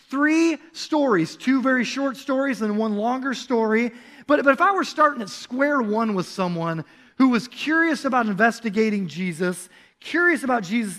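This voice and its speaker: A young adult male pastor delivers a sermon in a church, telling a story with animated, acted-out quotes. His voice sits very high for a man, with a bright, forceful edge, and he breaks into loud calls at key moments.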